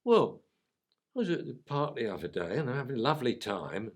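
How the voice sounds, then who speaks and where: A man's voice: medium pitch, sing-song, a little fast. A man voicing a worried young male puppy with a London accent, earnestly telling his troubles. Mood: anxious. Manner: earnest, anxious storytelling.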